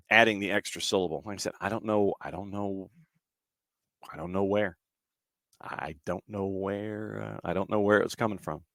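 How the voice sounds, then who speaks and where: A man's voice: lowish voice, a bit bright, clear, resonant tone, no echo, clean studio sound. Man rambling through a soccer recap. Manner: rambling with many fillers, repeats phrases for emphasis. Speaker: podcast host. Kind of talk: casual sports talk.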